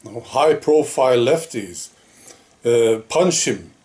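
In a slow, animated delivery, a man with a medium-pitched, slightly mellow voice offers his opinions to the camera as a political vlogger. He keeps it casual and conversational, tossing in rhetorical questions and "right?" often.

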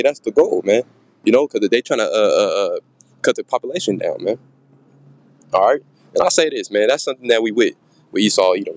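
A man preaching informally into his phone, reading scripture slowly and haltingly, then riffing in a rough, profane way that fills every pause with "man" and "you know". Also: fairly low pitch, slight background noise, low-quality recording. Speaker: street preacher. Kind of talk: informal scripture teaching monologue.

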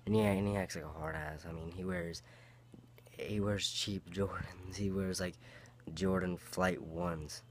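A young man with a very low voice rambles through a profane story, acting out both sides of the exchange. He talks straight to his viewers in a casual vlog. A faint hum sits under the recording. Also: steady tone, unhurried. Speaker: vlogger.

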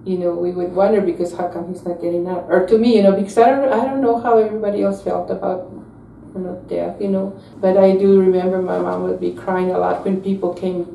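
Gravelly older woman reminiscing, roomy distant sound. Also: lowish voice, mellow. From South Texas. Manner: slow, reflective remembering. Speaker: interviewee. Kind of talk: oral history recollection. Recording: roomy, distant mic with faint noise.

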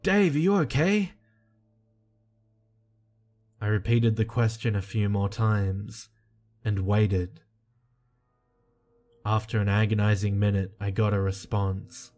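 A man reading a creepy first-person horror story in a slow, hushed and tense way. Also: lowish voice, level tone. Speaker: narrator. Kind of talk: scripted horror narration. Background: soft music.

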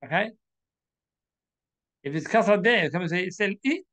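A man with a Somali accent teaching Quran reading, slowly spelling out letters and drawing out each syllable as he repeats it. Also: high-pitched, expressive, fairly bright tone. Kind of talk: slow classroom instruction.

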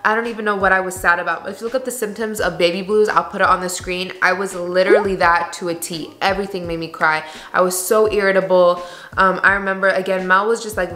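A woman's voice: on the low side, bright, forceful tone. A young woman vlogging in a candid, chatty way, full of "like" and "you guys.". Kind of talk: casual chat to camera. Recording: echoey room.

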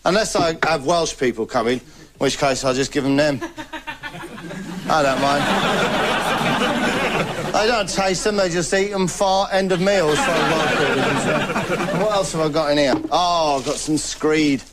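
Rambling British comedy host, fairly high voice. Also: male voice, measured pace, pauses often, over a noisy crowd. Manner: rambling, chatty, laughs between bits. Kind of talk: deadpan stand-up monologue to camera. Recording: clear background noise.

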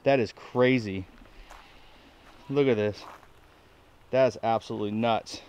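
A man hosting a casual farm vlog outdoors, chatting folksily to the camera and talking to his goats in an excited sing-song. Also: mid-range voice, unhurried, slight background noise. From Nebraska, USA. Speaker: homestead vlogger.

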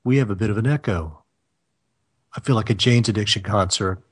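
A man's voice: fairly low pitch, a little fast, breathy edge. A man hosting a live internet radio show in casual chat, joking and laughing often at himself. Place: California.

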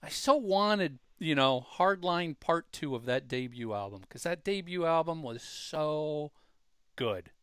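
Male podcast host, eager fan, smooth and fairly high voice, dry sound. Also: animated, unhurried, a bit bright, dry recording. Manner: enthusiastic fan asking questions. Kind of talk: casual interview.

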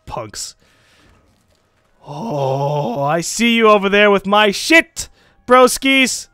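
A young man giving casual, excitable commentary while playing a strategy game, swearing and teasing the computer opponents. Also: sits high, takes it slowly, clear, resonant tone, no echo, faint music behind. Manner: excitable, swears, mocks game leaders in put-on voices. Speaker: let's play gamer.

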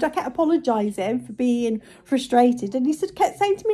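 Animated and exasperated, a woman vlogging to camera recounts something that frustrated her. She talks briskly with few pauses, in a high-pitched voice with a breathy edge.

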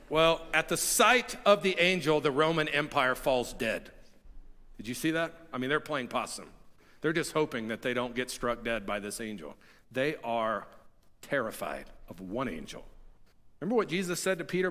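A man's voice: on the high side, moderate pace, bright, forceful tone. A man preaching an Easter sermon as pastor, telling stories in a conversational way with frequent restarts. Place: church sanctuary. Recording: long hall reverb.

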